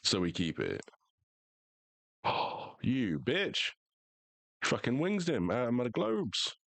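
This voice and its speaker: A man's voice: mid-range voice, huge pitch swings, takes it slowly, creaky, fairly bright tone, dry recording. A young American man streaming a game, chatting casually in profane, joking banter. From United States. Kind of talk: casual live gaming chat.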